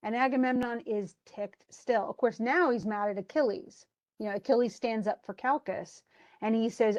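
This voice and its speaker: A woman's voice: on the high side, normal speed, darkish tone. A woman retelling a classic story in a chatty, opinionated way, giving a casual lesson. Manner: chatty, opinionated, uses many fillers. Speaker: teacher retelling a classic epic.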